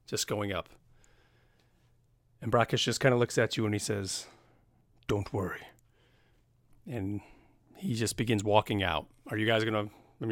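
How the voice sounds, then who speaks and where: A young man narrates a tabletop game as dungeon master in a loose, rambling way full of fillers. His voice carries a gravelly edge. The sound is dry and close. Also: on the low side, fairly bright tone, no echo. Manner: casual, rambling, filler-heavy.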